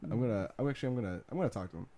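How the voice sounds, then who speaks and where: A young man co-hosting a podcast, joking and swearing in casual chat. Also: racing. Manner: joking, swears, very lively pitch. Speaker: podcast co-host.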